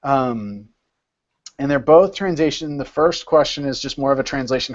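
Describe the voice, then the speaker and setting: A man's voice: medium pitch, moderate pace, highs cut off. Man leading an informal tutoring session. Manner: explanatory, repeats words as he thinks. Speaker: study session leader. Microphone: video call.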